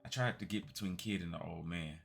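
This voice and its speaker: A man streaming, reading a text game aloud as a calm bedtime story with quiet asides. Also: sits low, fairly quick, vocal fry, breathy edge, faint music behind.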